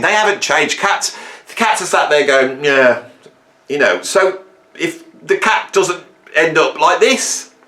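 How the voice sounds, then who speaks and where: A chatty man talks casually to camera in a playful, rambling way. His voice is bright and swings widely in pitch, and the room gives it a clear echo. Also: a little hiss or hum. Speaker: music video host.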